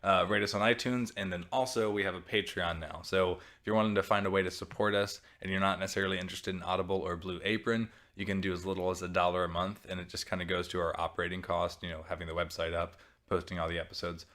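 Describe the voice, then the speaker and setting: A man's voice: low voice, flat delivery, quick pace, hardly any pauses, fairly bright tone. A man hosting a podcast in casual chat, rambling and correcting himself as he runs through upbeat plugs. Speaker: podcast host.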